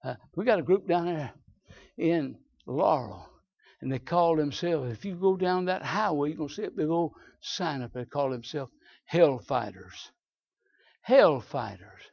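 Southern preacher with a lively, high voice. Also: male voice, measured pace, gravelly. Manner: emphatic, swings from low asides to shouted climaxes; folksy storytelling. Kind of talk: sermon. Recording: dull lo-fi sermon recording.

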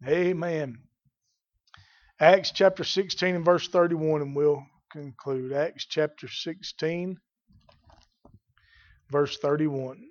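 A man preaching a revival sermon in a high, ringing voice. He builds to loud, emphatic swells and then drops to quiet, close asides. The recording sounds dull and muffled. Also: steady tone, takes it slowly, pauses often.

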